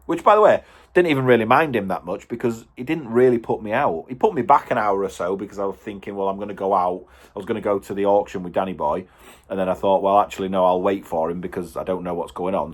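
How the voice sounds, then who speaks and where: A man, a home car dealer telling an exasperated story to camera and acting out what was said. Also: on the low side. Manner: exasperated, animated, acts out quotes.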